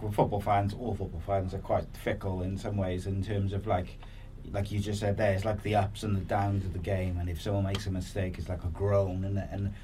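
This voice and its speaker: Podcast host, deep voice, distant mic, light noise behind, chatty and rambling. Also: male voice, a little mellow. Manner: chatty, rambling questions with many fillers. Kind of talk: casual interview chat. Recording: distant voice with faint room noise.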